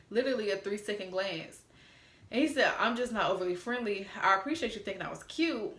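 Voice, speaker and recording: A woman's voice: medium pitch, a bit bright, reverberant. A young woman telling a casual story to viewers, reading out old texts with candid, cussing asides. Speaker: storytime vlogger.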